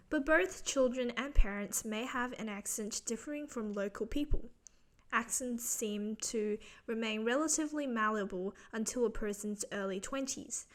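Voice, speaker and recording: A woman from Singapore with an Australian accent gives a scripted educational narration. She explains in a clear, measured way. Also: on the high side. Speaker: teacher. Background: faint background music.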